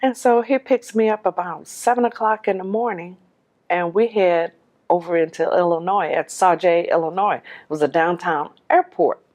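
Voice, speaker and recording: A woman telling her own life story in a lively, animated way, acting out the voices in the dialogue she recounts. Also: on the low side, moderate pace. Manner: laughs while telling. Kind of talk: personal storytelling.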